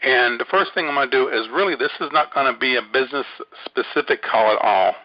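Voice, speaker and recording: A man's voice: mid-range voice, a little fast, no room sound. A man hosting an online training webinar, talking casually and rambling with many fillers and restarts. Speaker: webinar host. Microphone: phone line. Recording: dull lo-fi dry audio.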